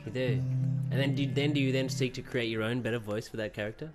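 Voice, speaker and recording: A mid-pitched man hosts a casual podcast chat, asking easygoing questions. His humor is dry. Loud music plays behind him. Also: fairly even intonation, quick pace. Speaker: podcast host.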